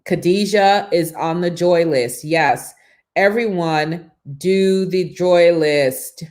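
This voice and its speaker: A middle-aged woman hosting a live morning show, telling animated stories and greeting viewers by reading out their comments. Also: fairly low pitch, slow. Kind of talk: casual live-stream chat.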